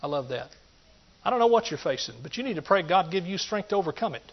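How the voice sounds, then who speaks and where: A middle-aged man with a drawl preaches in a folksy, conversational way, with a fairly high voice. He punches his key points loudly, drops to quiet asides, and keeps checking in with the congregation. The recording sounds dull and lo-fi. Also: sing-song, fast. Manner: folksy, swings between loud emphatic points and quiet asides, calls out to the listeners. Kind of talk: sermon.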